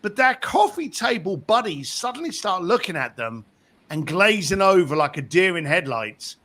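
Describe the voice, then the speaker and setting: A man being interviewed about his book tells stories with a bright, sharp edge to his voice. He sits fairly high and swings his pitch widely. He slips into impressions of the people he describes. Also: big pitch swings, normal speed. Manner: acts out other people's voices while telling anecdotes. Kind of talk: animated storytelling in conversation.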